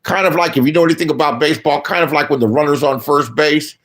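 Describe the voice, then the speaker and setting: A man ranting casually as a streamer giving commentary, blunt and profane, swinging between low mutters and loud outbursts. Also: fast.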